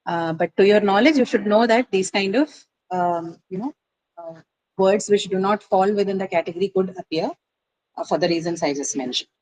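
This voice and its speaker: A woman's voice: mid-range voice, normal speed, darkish tone, low-quality recording. A woman teacher walks a class through word stress. She speaks in a patient, explanatory way and scatters fillers as she thinks aloud. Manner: patient, explanatory, many fillers like uh and you know.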